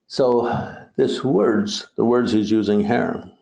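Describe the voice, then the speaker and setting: Deep gravelly man giving a dharma talk. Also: slow, mellow. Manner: digressive, joking asides. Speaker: Buddhist teacher. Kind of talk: dharma talk on a translated poem. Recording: roomy, dull lo-fi recording.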